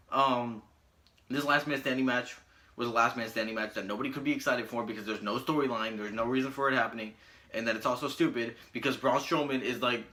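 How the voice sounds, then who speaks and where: A man's voice: medium pitch, pushed and bright. A young man giving a crude, sarcastic wrestling review with lots of um fillers. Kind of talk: casual review vlog.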